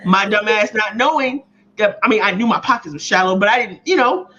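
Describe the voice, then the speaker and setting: A woman co-hosting a casual chat, telling a story in a profane, animated way with a lot of laughing. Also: mid-range voice, a little fast. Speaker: podcast co-host. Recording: slightly muffled audio.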